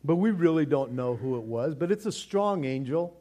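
A man preaching a sermon in an animated, casual way, repeating words for stress and dropping in slang. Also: fairly high pitch, normal speed. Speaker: pastor.

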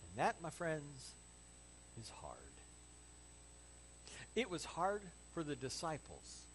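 A man preaching a sermon in an animated, conversational way with joking asides, as pastor. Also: on the high side, takes it slowly, a little hiss or hum, low-quality recording.

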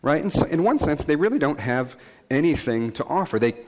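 A male pastor preaching a conversational sermon, telling stories in a relaxed way with frequent fillers and asides. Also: a little high, brisk, in a large hall.

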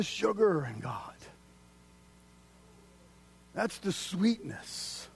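Male pastor, sermon delivery, slightly higher-pitched voice, dynamic from shouted emphasis to hushed whisper. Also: measured pace, a little hiss or hum. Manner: dynamic preaching, swings from loud declaiming to hushed near-whisper.

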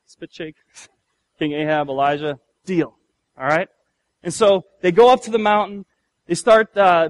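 A man with a fairly high voice delivers a sermon as a pastor. He retells a Bible story with humor, playful asides and acted-out bits. His delivery is lively and conversational. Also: no echo.

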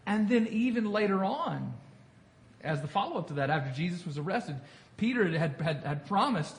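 Here the pastor's voice is high-pitched and swings widely in pitch, at an ordinary pace. He runs the Bible study conversationally, repeats himself, and quizzes the group, all recorded in an echoey space with faint noise.

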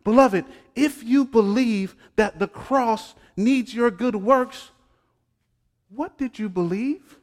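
A pastor preaching a sermon who teases his congregation and swings between hushed asides and loud exclamations. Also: very high-pitched, takes it slowly. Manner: talks straight to the congregation, joking and teasing. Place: church sanctuary. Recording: long hall reverb.

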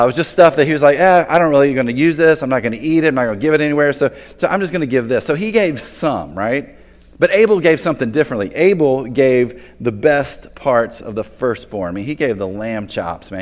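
A man preaching a sermon as a pastor, talking casually and conversationally and often restarting words. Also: mid-range voice. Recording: long hall reverb.

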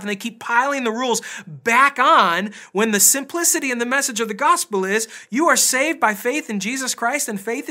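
A man's voice: sits high, sharp tone. A man pastor preaching a casual, conversational sermon, telling family stories with self-deprecating asides.

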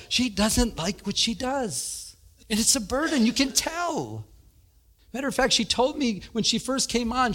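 A middle-aged man preaching a sermon, telling stories with animated energy and laughter. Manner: animated storytelling, laughing, rising to high emphatic peaks. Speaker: pastor.

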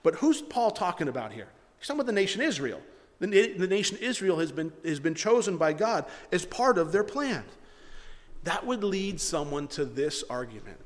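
A man's voice: high-pitched, sing-song, moderate pace, big-room sound. A man preaching a sermon as pastor, earnest and direct, sometimes acting out the voices he quotes.

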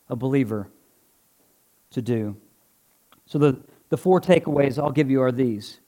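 A man's voice: mid-range voice, darkish tone. A man preaching a sermon to a congregation in an earnest, conversational way, joking now and then while doing a live object lesson. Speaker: pastor. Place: church before a congregation.

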